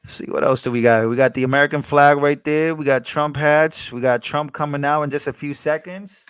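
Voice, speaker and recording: Man, young adult, live stream host, casual chatty commentary, slightly high pitch. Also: fairly even intonation, brisk, a bit bright, smooth. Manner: chatty, reads out chat and thanks donors.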